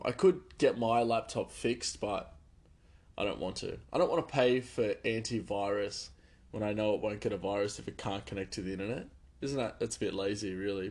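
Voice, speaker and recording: A man talking to listeners in a quiet, offhand, self-mocking ramble over a phone headphone mic. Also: lowish voice. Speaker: podcast host. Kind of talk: casual rambling monologue.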